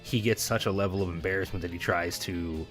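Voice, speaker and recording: A man with a low voice hosts a casual reaction show. He talks loud and mocking and trash-talks the people he watches. Faint music plays behind him. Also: steady tone, brisk. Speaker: commentary show host.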